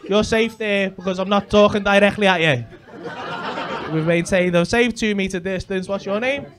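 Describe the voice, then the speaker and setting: A man's voice: sits high, steady tone, moderate pace. A male stand-up comedian doing cheeky, sweary banter with audience members on a comedy club stage. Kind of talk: crowd work. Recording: live comedy club crowd laughing.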